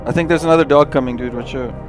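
An easygoing man talks his way through a co-op game at a middle pitch. He hesitates now and then, slipping in fillers. Faint music sits in the background. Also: rapid-fire. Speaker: co-op gamer. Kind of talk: casual let's-play chat.

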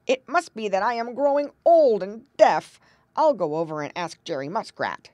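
A woman's voice: medium pitch, very animated, moderate pace, a little mellow, no room sound, lo-fi sound, natural voice. A woman voicing a very old, wise male frog. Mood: bewildered. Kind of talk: storybook reading.

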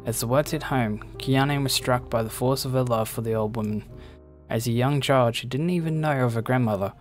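A man narrates the story text of a video game in a steady storytelling way. His voice sits at a middle pitch. Faint music plays underneath. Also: a little fast.

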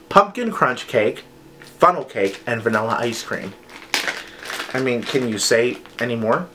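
A man's voice: mid-range voice, expressive, unhurried, bright, forceful tone, slight background noise. A man chatting enthusiastically and playfully as he reviews scented wax melts in a casual haul video.

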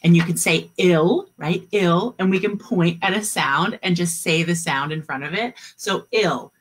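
A woman teaching an online kindergarten class, modeling letter sounds slowly and cheering the children on. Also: fairly low pitch, husky. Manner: slow, encouraging, drawn-out sound modeling. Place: home, video meeting.

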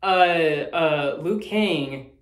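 A man's voice: on the high side, drawn-out words, fairly bright tone. A man talking casually as the host of a movie review, rambling, swearing freely and laughing often. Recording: roomy echo.

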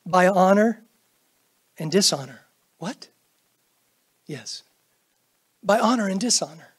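A middle-aged pastor with a fairly high, husky voice preaches a sermon in a church sanctuary. He is animated, speaks slowly with frequent pauses, and swings from loud, pressing bursts to near-whispered asides while acting out the prayers and greetings he quotes.

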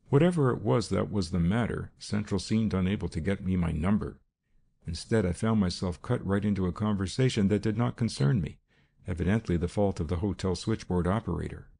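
A man narrating a detective story as an audiobook, in a steady, measured first-person reading. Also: low voice, gravelly, slightly rough.

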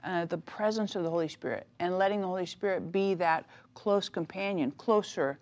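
A middle-aged woman, an author and minister, chatting as a talk-show guest, telling stories with animated energy and frequent laughter. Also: lowish voice, a little fast. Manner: animated storytelling, laughs often. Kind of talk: casual talk-show interview.

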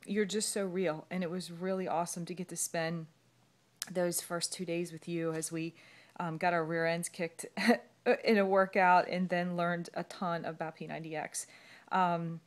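A woman's voice: fairly low pitch, level tone, moderate pace. A woman talking from her bed at home into a phone camera, rambling and emotional as she holds back tears. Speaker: fitness coach. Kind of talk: emotional video message.

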